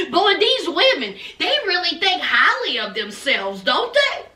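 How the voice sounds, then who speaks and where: A woman's voice: very high voice, very animated, a little slow, pushed and bright, reverberant, distant mic. A woman in a sassy, dramatic casual recap of a reality show, laughing often and acting out what people said.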